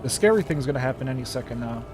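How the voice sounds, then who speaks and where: A man's voice: mid-range voice, lively intonation, rapid-fire, background noise. A young man streaming a game, casually retelling a myth with lots of swearing and self-corrections. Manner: rambling storyteller, swears freely, self-correcting. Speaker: gaming streamer. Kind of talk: casual livestream commentary.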